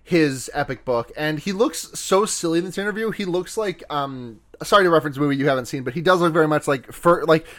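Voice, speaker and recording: A man's voice: a little high, fast talker, hardly any pauses, a bit bright. Casual man recapping a movie. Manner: rambling retelling with quoted dialogue and laughs; swears casually. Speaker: podcast co-host. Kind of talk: casual film discussion.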